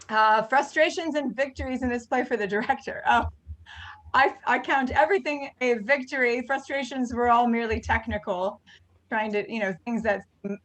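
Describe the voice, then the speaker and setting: A woman's voice: fairly high pitch, fairly bright tone, poor audio. A woman directing a theater group, hosting a casual question-and-answer session over a video call, talking with many ums and restarts. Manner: chatty, frequent ums and restarts.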